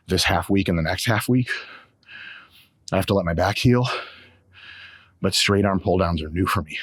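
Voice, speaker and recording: A man's voice: on the low side, no room sound. A man hosting a fitness vlog, chatting casually between sets in a gym, profane, joking and rambling. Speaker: fitness channel host.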